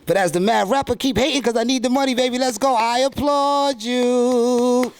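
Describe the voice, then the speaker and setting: A man's voice: extremely high pitch, moderate pace, clean tone, voice pushed up. Man putting on a bitter brash rapper. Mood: mocking. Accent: New York. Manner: brash, cursing, boastful. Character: bitter loud male rapper who loves himself.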